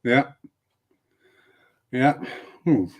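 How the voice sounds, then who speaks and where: A man's voice: mid-range voice, extremely slow. A man hosting a casual live-stream chat, a spiritualist service leader who talks in a rambling way with playful asides. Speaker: host.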